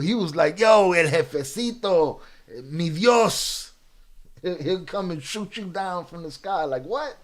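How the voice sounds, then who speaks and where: A middle-aged man hosting a livestream, chatting casually and reading viewer comments in loose street slang with joking asides and pauses. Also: high-pitched. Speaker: livestream reaction host.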